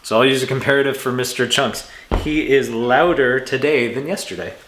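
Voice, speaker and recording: A man gives a casual grammar lesson from his home, talking in a relaxed, chatty way and often correcting himself. His voice sits at an ordinary middle pitch. The room has a noticeable echo. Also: moderate pace, a little hiss or hum. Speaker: English teacher.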